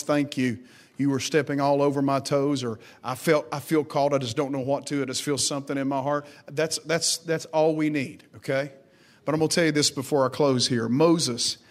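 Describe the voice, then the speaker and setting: Preaching man with a higher voice. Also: fairly bright tone. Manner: dramatic rises when quoting God. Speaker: pastor. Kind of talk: sermon.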